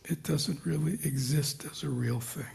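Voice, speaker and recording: A man leads a dharma talk in a gravelly, rough-edged voice with a dark, mellow tone. He questions his audience constantly and slips into soft whispers. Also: a little high, steady tone, moderate pace. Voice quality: gravelly, husky. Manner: questioning, engaging the audience with repeated "right?" and "you know"; drops into soft whispers at times. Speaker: meditation teacher. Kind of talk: dharma talk to a retreat group. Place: meditation hall with a live group.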